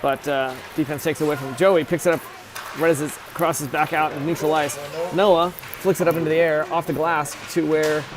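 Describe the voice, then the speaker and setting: A man's voice: a little high, fairly even intonation, fairly quick, noisy background. Casual man calling youth hockey. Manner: chatty, self-correcting, unsure of player names. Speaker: amateur play-by-play commentator. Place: ice rink.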